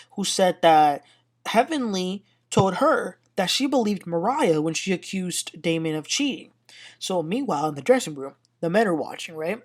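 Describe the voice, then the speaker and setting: A woman hosting a casual reality TV recap, retelling scenes and adding blunt, opinionated commentary. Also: fairly low pitch. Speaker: TV recap host.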